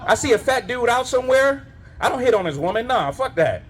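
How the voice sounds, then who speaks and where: A man's voice: very high voice, very animated, a little fast, a faint crowd, a little hiss or hum. A male stand-up comedian doing a live set, telling loose, profane stories full of asides. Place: live comedy show at a winery.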